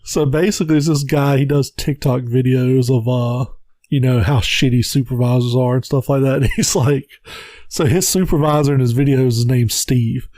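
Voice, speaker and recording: A young man co-hosting a podcast, telling stories in lively casual chat. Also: medium pitch, moderate pace, no echo. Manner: animated storyteller, acts out quotes. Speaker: podcast co-host.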